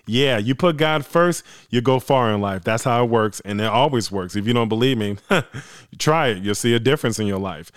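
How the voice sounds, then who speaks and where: A man hosting his own sports podcast, talking excitedly and repeating himself for emphasis, a little hoarse. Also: medium pitch, dry recording, clean studio sound. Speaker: podcast host. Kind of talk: solo sports podcast commentary.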